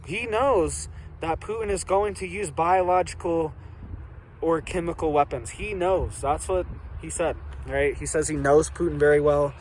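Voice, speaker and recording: A man hosting a casual news commentary vlog, talking in an animated, rhetorical way and checking in with "right?". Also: fairly high pitch, slight background noise. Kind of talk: casual news rant to viewers.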